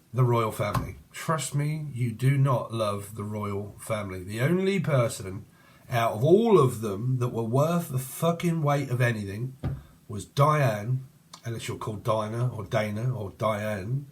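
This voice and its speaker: English guy doing a loose rambly tarot reading, crude jokes, mid pitch voice. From Cambridgeshire, England. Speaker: tarot reader. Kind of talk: casual channeled tarot reading.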